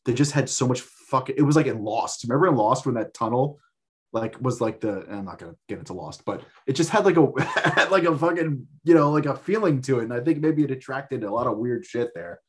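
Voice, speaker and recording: A man's voice: mid-range voice, animated, a little fast, husky. A man in his thirties telling a rambling, profane story in casual chat, full of fillers. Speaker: podcast guest.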